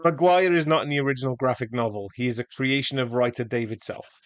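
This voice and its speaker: A man with a middle-pitched voice co-hosting a podcast and reading trivia aloud. His delivery is steady and matter-of-fact, and the recording is dry and close. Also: fast, no room sound. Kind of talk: casual chat with read-out facts.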